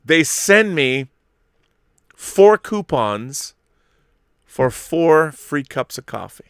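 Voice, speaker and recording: A man telling a story in casual chat, animated and swearing as he acts out the people in it. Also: on the high side, very slow, clean tone, no room sound, clean studio sound. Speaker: podcast host.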